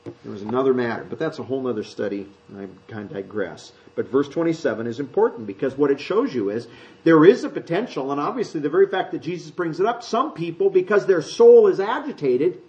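A man delivers a sermon with a slightly high voice, talking it through with his listeners and pointing to slides on screen. His tone climbs and swells when he acts out the words he quotes. The sound is dull and lo-fi. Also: lively intonation, fairly quick. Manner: emphatic, rises high and loud when acting out quoted speech; conversational, explains slides to the congregation. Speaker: preacher.

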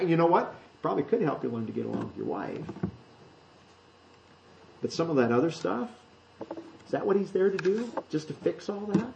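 A pastor teaching a Bible sermon in a loose, conversational way, correcting himself and joking with the congregation. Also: male voice, fairly high pitch, very animated, fairly quick, creaky, pauses often, darkish tone, lo-fi sound, slight background noise. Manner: conversational, self-correcting, jokes with the room.

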